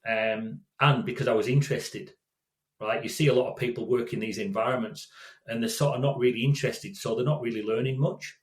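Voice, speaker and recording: A man's voice: mid-range voice, steady tone, fairly quick. Man in his sixties, rambling storyteller, restarts often, echoey room. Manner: rambling, repeats words and restarts. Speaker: guest, safety consultant. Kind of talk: storytelling in casual interview.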